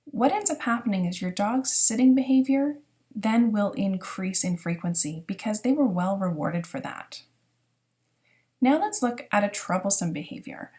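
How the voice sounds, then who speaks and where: A woman giving a recorded lesson as a dog training instructor, explaining step by step in a clear, teaching manner. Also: mid-range voice, expressive, moderate pace, a little mellow. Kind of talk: recorded lecture narration.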